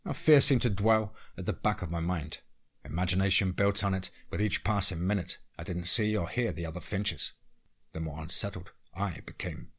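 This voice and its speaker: Husky man narrating a horror story. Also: sits low, moderate pace, fairly bright tone.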